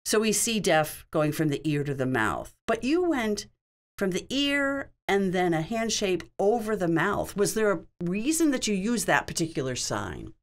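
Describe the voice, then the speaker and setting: A woman interpreting sign language voices a signed Q&A at normal speed, her medium-pitched voice very animated. She keeps her phrases short and her tone conversational as she explains.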